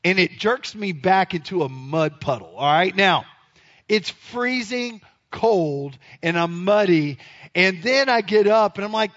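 High-voiced man telling a story. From Memphis area, United States. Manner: animated, self-deprecating, addresses the audience directly. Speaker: speaker telling a story to an audience. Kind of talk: comic storytelling talk. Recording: dull lo-fi sound.

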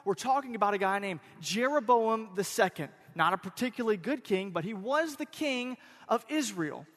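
A man preaching a sermon in a conversational way, moving between loud emphatic bursts and quiet asides. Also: high voice, expressive, normal speed. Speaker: pastor. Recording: reverberant hall.

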